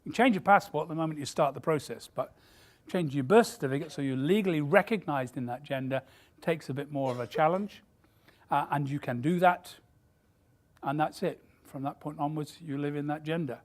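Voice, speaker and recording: Woman, deep voice, emphatic and candid keynote speaker. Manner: emphatic and candid, with quick asides. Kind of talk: corporate keynote talk.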